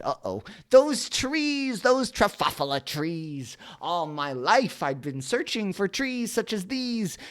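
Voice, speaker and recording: A woman reads a picture book aloud in a deep voice, taking her time over the lines. Her pitch leaps all over the place as she trips on silly made-up words, corrects herself and drops cheeky side comments. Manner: playful, self-interrupting, swears then apologizes. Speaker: storyteller. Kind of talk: reading a children's story aloud with joking asides.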